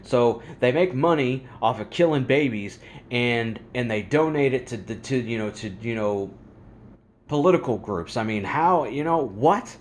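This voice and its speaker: A man's voice: medium pitch, moderate pace, slight background noise. A man hosting a religious commentary vlog, talking in an angry, fired-up rant. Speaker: host.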